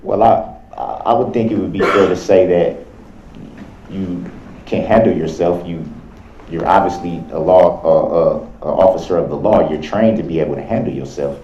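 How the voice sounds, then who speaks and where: A man questioning a witness in a courtroom, with halting, repetitive phrasing and frequent restarts. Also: low-pitched, dark tone, slight background noise. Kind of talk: courtroom cross-examination. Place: large courtroom. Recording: echoey courtroom, dull lo-fi sound.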